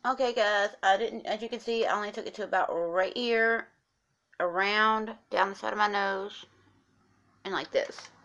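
Speaking at normal speed in a steady, fairly bright, medium-pitched voice, a makeup vlogger is heard over lo-fi sound. Her tutorial is casual and chatty; she instructs viewers directly, addressing them as "guys" and explaining each step.

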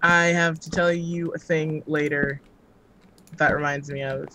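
A woman's voice: low voice, fairly even intonation, unhurried, sharp tone, slight background noise. A woman chatting casually while gaming, teasing and sarcastic, laughing often. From United States. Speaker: gamer.

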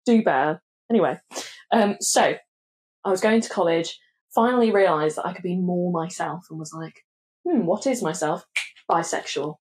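Casting: lively young British woman, co-hosting a chatty podcast, bursts into funny put-on voices. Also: moderate pace. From England. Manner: animated, acts out quotes with big pitch jumps, swears freely. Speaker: podcast co-host. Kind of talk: casual chat, storytelling.

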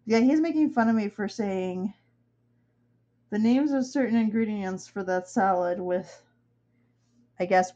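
A woman's voice: on the high side, darkish tone, dull audio. Chatty young woman, rambling while drawing. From upstate New York, USA. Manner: rambling, chatty, laughs often. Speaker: artist streaming her work. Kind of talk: casual chat while drawing.

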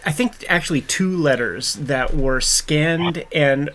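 A man's voice: fairly high pitch, takes it slowly, a bit bright. A man from Pittsburgh hosting a casual chat, laid-back, jokey and a little crude. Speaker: host.

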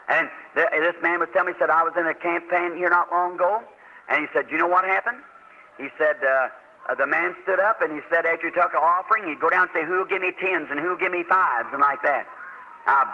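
A man, preaching a sermon in a folksy, emphatic manner on a dull old tape recording. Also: on the high side.

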